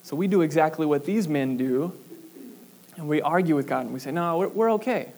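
A young man gives a sermon in an easygoing, chatty way, full of little fillers and asides. His voice sits a bit on the higher side. He reads scripture steadily, then slips into relaxed storytelling. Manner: measured scripture reading. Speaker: preacher.

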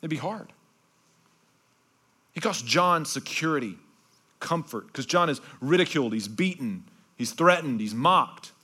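A man preaches in a bright, forceful voice that sits a little high for a man. He keeps the sermon conversational, checking in with his listeners, then drops to slow, hushed passages to drive his points home. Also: animated, husky. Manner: swings between bright emphasis and hushed, slowed-down passages; conversational, with repeated asides like "okay?". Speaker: pastor.

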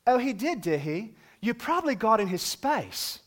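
A man mimicking a dismissive woman dog owner in a high, offhand voice with a faintly British sound during a sermon story. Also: big pitch swings, moderate pace, fairly bright tone, heavily acted.

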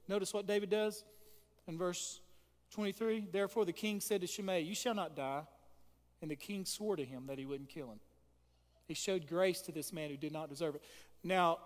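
In a large hall, a man preaching as pastor delivers an impassioned sermon, reads scripture aloud and asks the congregation questions. His voice sits high.

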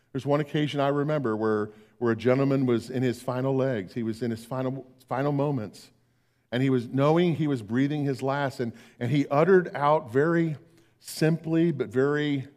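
An older man preaching a sermon as pastor, swinging between emphatic declarations and hushed, slow tender passages. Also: mid-range voice.

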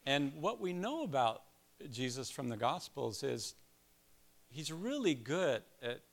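A man's voice: medium pitch, very animated, unhurried, gravelly. An older man preaching a sermon in a conversational way, with self-deprecating asides and personal stories. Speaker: pastor.

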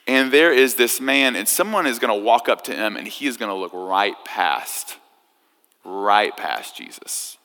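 A man preaching a sermon, telling a story in a conversational, animated way. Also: lowish voice, unhurried. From United States. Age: 30s. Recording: echoey hall.

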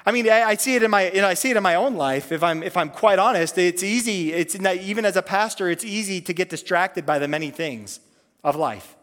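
Higher-voiced man preaching with hall reverb. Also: lively intonation, fairly quick, fairly bright tone. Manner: earnest and conversational, repeating words as he restarts phrases. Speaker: pastor. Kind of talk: conversational sermon.

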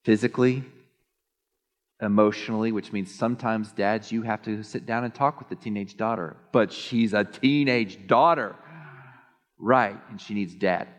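A male pastor preaching a sermon in an animated, joking way, often mimicking others in a high voice. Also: normal speed. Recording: long hall reverb.

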